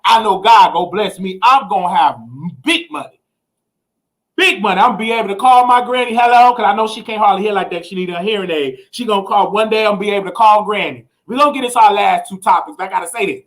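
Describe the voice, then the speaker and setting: Guy hosting his live show, high voice, gets all preachy and hype then calms down to explain stuff. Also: racing, hardly any pauses. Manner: animated, preachy exclamations and scatting sounds; relaxed explaining when giving money tips. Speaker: show host. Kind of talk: livestream talk show monologue.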